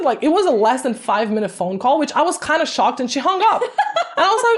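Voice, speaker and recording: A woman from Brazil is telling stories as a podcast guest, with a fairly high voice. She talks in an animated way and often laughs through her stories. She delivers it all as a guest in an interview. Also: fairly quick.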